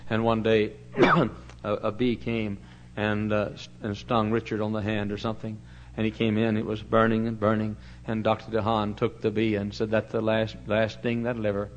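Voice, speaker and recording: A man preaching a sermon in a folksy way, addressing listeners as brother and swinging from quiet storytelling to loud, high-pitched preaching. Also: dull audio, a little hiss or hum.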